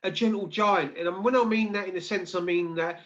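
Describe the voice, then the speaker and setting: A man's voice: sits high, steady tone, brisk, fairly bright tone. A man in casual chat, talking earnestly and at length with many restarts. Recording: dull, muffled sound.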